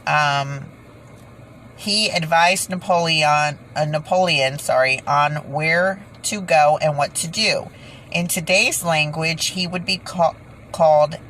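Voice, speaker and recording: A woman talking casually to her viewers while reading from her notes, halting often, correcting herself and laughing at her own slips. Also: low-pitched, a bit bright, a little hiss or hum, low-quality recording. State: tired, head pounding. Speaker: video creator.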